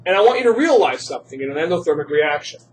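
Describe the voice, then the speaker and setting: A man's voice: on the high side, sing-song, racing. A man teaching a chemistry class, quizzing students and joking in asides. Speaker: high school chemistry teacher. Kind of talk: classroom lecture.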